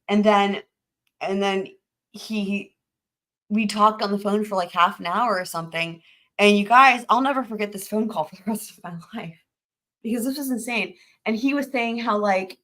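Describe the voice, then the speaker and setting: A young woman who hosts a trial recap channel tells her viewers a story in a gushing, chatty way, packed with fillers and restarts. Her voice is medium-pitched and a bit bright.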